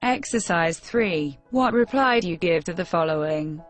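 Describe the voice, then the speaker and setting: A woman reading an English textbook lesson aloud, in a measured dictation manner for learners. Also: fairly low pitch, lively intonation, faint music behind. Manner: measured, careful dictation pace.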